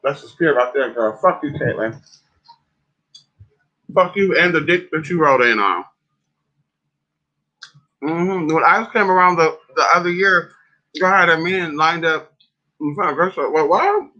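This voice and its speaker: A woman's voice: sits low, animated, unhurried, long pauses, pushed and bright, muffled recording. A woman hosting a casual livestream, ranting in a sassy, profane, rambling way while eating. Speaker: livestream host.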